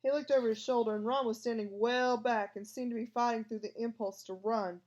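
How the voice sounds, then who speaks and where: A woman's voice: on the high side, fairly even intonation, fairly quick, a little mellow, lo-fi sound. A woman narrating a storybook aloud and voicing every part herself. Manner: reads all parts herself. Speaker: audiobook reader.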